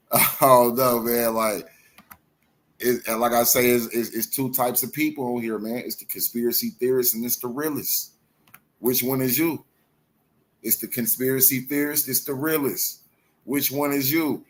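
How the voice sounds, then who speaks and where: A man rants through heated, profane commentary on his own live show. He circles back to the same phrases over and over with raw passion. His voice sits at an ordinary middle pitch. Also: fairly even intonation, moderate pace. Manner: profane, repetitive, impassioned ranting. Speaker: host of a live online show.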